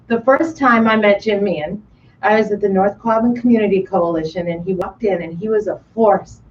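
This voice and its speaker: A woman's voice: mid-range voice, brisk, lo-fi sound, slight background noise. A woman giving an emotional, effusive acceptance speech at an awards event, recorded from a distance. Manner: heartfelt, effusive. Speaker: award recipient.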